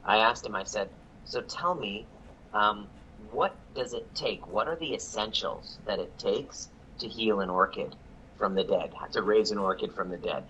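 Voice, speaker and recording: A man, a chiropractic coach and guest, telling a story on a live call in an energetic way, quoting people as he goes. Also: lowish voice, moderate pace, dull audio, slight background noise. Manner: energetic, quotes people in the story, repeats words when excited.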